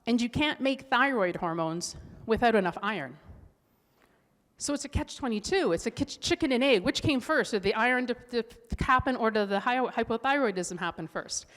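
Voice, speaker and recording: A woman's voice: on the high side, expressive, moderate pace, fairly bright tone. Middle-aged woman telling her story in a reverberant hall. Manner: candid, earnest storytelling with frequent restarts. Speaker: holistic nutrition coach and speaker. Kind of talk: personal-story presentation talk.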